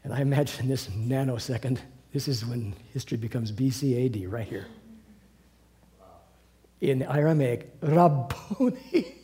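A man with a mellow, warm voice leads a Bible class for a small group in a meeting room. He retells scripture as a lively story and breaks into chuckles and asides. His pitch sits in the middle of the male range. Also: moderate pace, long pauses. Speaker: Bible teacher.

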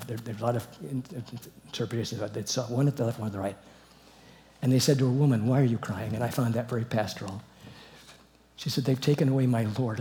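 A man preaching a sermon in a warm, mellow voice of middling pitch. He tells the story with animated asides and little chuckles, speaking to a gathered congregation. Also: gravelly. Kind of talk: expository sermon on scripture.

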